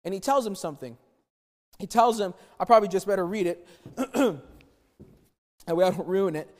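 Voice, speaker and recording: Guy preaching a sermon, high voice, lots of reverb in the hall, acts out the story. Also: moderate pace. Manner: animated storytelling, acts out quotes, repeats words. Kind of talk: sermon retelling a Bible story.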